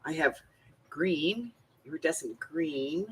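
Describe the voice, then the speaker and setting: A middle-aged woman hosting a craft livestream from her home desk, chatting casually and telling animated stories with frequent laughter. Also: deep voice, takes it slowly, slightly rough, low-quality recording. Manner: animated storyteller, laughs often. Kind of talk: casual chat while crafting.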